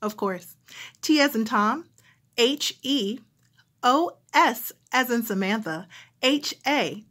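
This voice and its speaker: A woman's voice: on the high side, animated, takes it slowly, a bit bright, exaggerated voice. A woman doing a chipper call center rep. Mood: chipper, polite. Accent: General American. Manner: smiling, polite, heightened phone voice.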